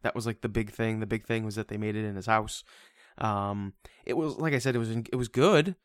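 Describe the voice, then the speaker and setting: A man's voice: on the low side, brisk, clean tone, dry recording. A man in casual podcast chat reviewing a movie, rambling and stammering with frequent swearing. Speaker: podcast co-host.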